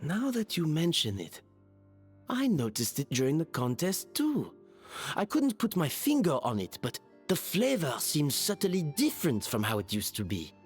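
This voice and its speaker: An actor voicing a refined young man in a game who muses about flavors in a very expressive way. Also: on the high side, normal speed, breathy edge, full character voice. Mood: musing. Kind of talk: game dialogue. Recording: game audio with music.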